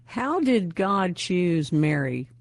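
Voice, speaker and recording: A chatty male interviewer asks curious, casual questions in a notably high voice. He trips over his words now and then. The sound is dry and close, with no room echo. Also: sing-song, slow pace, creaky.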